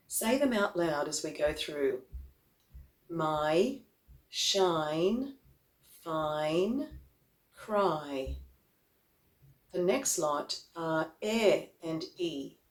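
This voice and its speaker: A woman vocal coach explaining pronunciation, demonstrating example words slowly one at a time. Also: lowish voice, lively intonation, a little mellow, roomy sound. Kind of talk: instructional explanation.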